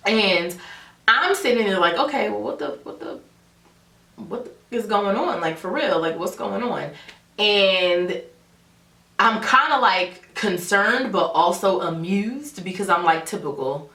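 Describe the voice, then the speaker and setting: A young woman vlogger telling a dramatic story in a casual, animated way. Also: medium pitch, a little slow. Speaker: beauty vlogger. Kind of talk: storytime vlog. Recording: roomy echo, a bit far from the mic.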